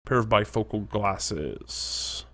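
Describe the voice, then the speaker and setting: A man's voice: on the low side, takes it slowly, pushed and bright, a little hiss or hum. Chatty man doing let's-play commentary. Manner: chatty, reacting aloud, sometimes whispering. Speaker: gaming commentator.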